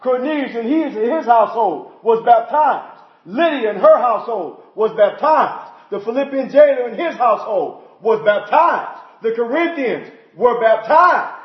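A high-pitched male preacher delivering a sermon with emphatic force, firing off rhetorical questions and citing scripture by chapter and verse. The recording is dull and lo-fi, with the top end muffled. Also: expressive, normal speed, few pauses.

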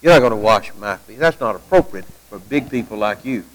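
A proud, indignant young disciple, as a preacher puts him on. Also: male voice, fairly low pitch, expressive, fairly quick, pitched below the performer's own voice, close to an everyday voice, poor audio.

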